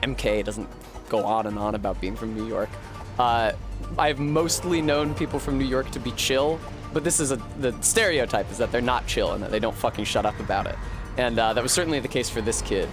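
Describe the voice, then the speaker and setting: A young adult man from Rhode Island who rambles as he streams a game, swearing freely and laughing often. His voice sits at a middling pitch. Clear game music plays behind him. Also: fairly quick. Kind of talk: casual chat while gaming.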